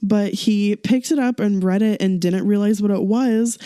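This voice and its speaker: A woman's voice: medium pitch, fairly even intonation, normal speed, warm tone, smooth, dry recording, studio quality. A woman co-hosting a podcast, chattily recapping a variety show episode, giggling and acting out quotes. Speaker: podcast co-host.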